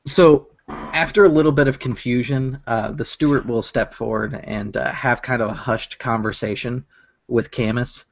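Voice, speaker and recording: A man narrating as game master of a tabletop game, relaxed and halting, with many fillers. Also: mid-range voice, vocal fry, no echo, highs cut off.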